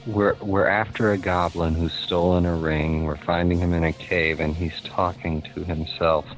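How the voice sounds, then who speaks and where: A man's voice: low-pitched, level tone, normal speed, faint music behind, low-quality recording. A man playing a tabletop game, hesitant with many fillers and a wry humor. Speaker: player. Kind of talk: casual tabletop play.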